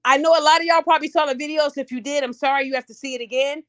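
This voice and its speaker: A woman's voice: high voice, rapid-fire. A woman hosting a podcast, chatting casually and animatedly to her audience. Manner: animated, talks to audience, acts out voices. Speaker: podcast host. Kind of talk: casual commentary.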